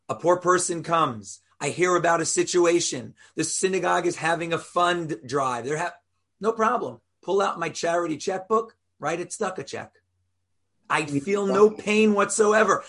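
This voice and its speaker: A man's voice: high voice, fairly bright tone, breathy edge. A rabbi teaching an informal Torah class, explaining step by step and quizzing his listeners in a conversational way.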